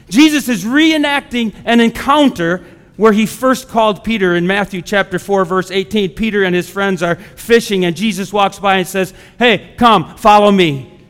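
A pastor with a high voice preaches a sermon in a church sanctuary with lots of reverb. His style is conversational, and he acts out the voices he quotes.

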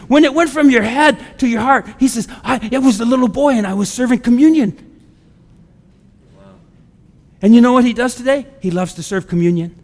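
A male pastor in a church sanctuary preaches in an easy, conversational way and slips into voices for the people he quotes. His voice sits high for a man. Every phrase rings out with the long reverb of a big hall. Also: a little fast. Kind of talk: sermon.

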